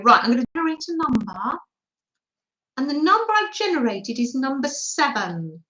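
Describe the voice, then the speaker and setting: A woman hosting a craft livestream from her dining room table, chatting warmly and reading out names from the chat. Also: a little high, roomy sound, muffled recording. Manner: chatty, affectionate, reads chat names aloud.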